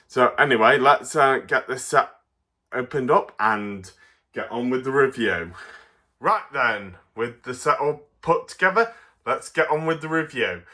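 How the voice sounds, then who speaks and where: Derbyshire man with a bright, forward voice, casual and giggly, unboxing toys on camera. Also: mid-range voice, expressive. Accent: Derbyshire English. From Derbyshire, England. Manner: chatty, chuckles often, halting with fillers. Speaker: toy reviewer.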